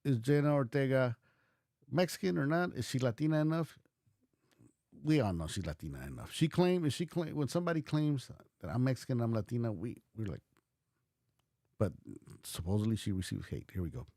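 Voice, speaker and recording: A man from the United States hosts a casual livestream reaction. He rambles, restarts often and swears bluntly, and his voice is mellow and warm. The sound is dry and close, with no room around it. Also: medium pitch, expressive, fairly quick, creaky, dry recording. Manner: rambling, many restarts and fillers. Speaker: livestream host.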